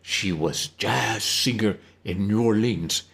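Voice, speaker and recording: A man voicing an emphatic, caring woman who runs a wig shop, speaking firmly but gently with drawn-out emphasis. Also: on the low side, gravelly, full character voice. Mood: grand, theatrical.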